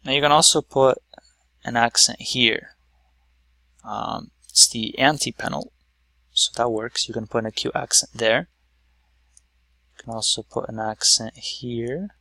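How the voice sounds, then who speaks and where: A man's voice: medium pitch, fairly even intonation, a little slow, gravelly, long pauses, bright, forceful tone, no echo. A man teaching a lesson at a whiteboard, explaining patiently step by step with some fillers.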